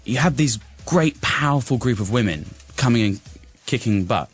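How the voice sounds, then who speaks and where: A man's voice: mid-range voice, animated, moderate pace, slightly rough, faint music behind. A young man from the UK, a guest actor chatting enthusiastically in a radio interview, rambling and restarting his sentences. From United Kingdom. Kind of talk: casual radio interview chat.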